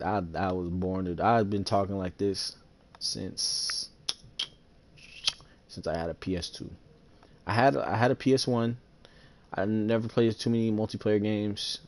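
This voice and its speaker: A young man casually commentating while he plays a sports video game, boastful and full of slang, talking smack about his opponents. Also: vocal fry. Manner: trash-talking, boastful, slangy, breaks into falsetto singing. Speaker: gaming streamer.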